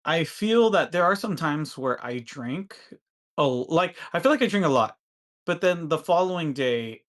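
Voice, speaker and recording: A man co-hosting a podcast, chatting casually in a measured, reflective way with dry humor. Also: on the high side, animated. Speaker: podcast co-host. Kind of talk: casual chat.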